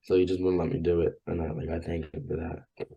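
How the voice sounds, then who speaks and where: A young man with a Long Island accent, a guest in a casual podcast chat, relaxed and chatty, leaning on "like" a lot. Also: deep voice, fast, vocal fry, breathy edge, dull audio. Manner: relaxed, chatty, uses lots of "like". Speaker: guest, college wrestler.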